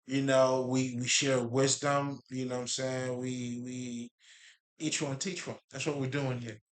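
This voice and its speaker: A man's voice: mid-range voice, little pitch movement, a little slow. Rambling, profane man musing on spirituality. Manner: rambling, profane, laughs often, streetwise slang. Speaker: spiritual talk host. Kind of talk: casual spiritual monologue.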